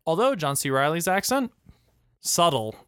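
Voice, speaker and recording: A young man with a smooth, resonant voice, co-hosting a casual film podcast. He is animated and mocking, and the sound is dry and close. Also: a little high, moderate pace, no room sound. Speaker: podcast co-host. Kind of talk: casual movie review chat.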